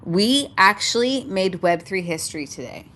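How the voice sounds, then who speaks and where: A woman's voice: medium pitch, lively intonation, normal speed, fairly bright tone. A woman from Canada chatting enthusiastically and rambling a little on a casual livestream.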